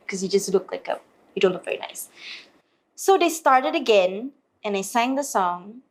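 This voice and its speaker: A woman's voice: medium pitch, brisk, a little hiss or hum. A woman, a singer telling stories as an interview guest and acting out other people's lines. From Malaysia. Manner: lively, acts out other people's lines in put-on voices. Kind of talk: storytelling in an interview.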